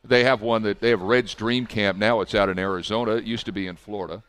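A man's voice: lowish voice, steady tone, fast talker, fairly bright tone, clear, resonant tone. A man who works as a sports broadcaster, a guest in a casual podcast chat, explaining things in an easygoing way.

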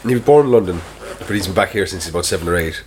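Man, very low voice, swearing teasing banter, faint background noise. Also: racing, darkish tone. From Ireland. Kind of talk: casual chat.

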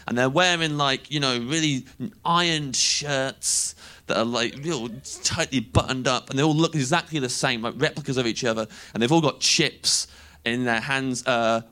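Man, 30s, stand-up comedian, animated, bright tone. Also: on the high side. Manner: animated, acts out voices, laughs through lines. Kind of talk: stand-up storytelling.

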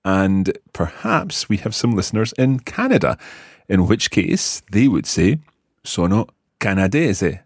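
A Scottish man with a very low, husky voice leads a podcast language lesson. His pitch rolls up and down a lot as he patiently explains and repeats each word. The recording is close and dry. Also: sing-song, a little slow, no room sound. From Scotland. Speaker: language teacher and host.

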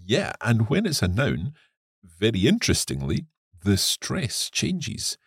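Deep, husky male podcast teacher. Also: wildly swooping pitch, slow, no room sound, clean studio sound. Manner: reads the lesson text, then asks questions. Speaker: co-host of an English lesson podcast. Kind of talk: podcast language lesson.

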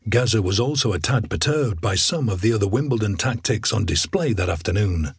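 A man narrating a documentary in a measured, wry scripted voice. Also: lowish voice, animated, breathy edge.

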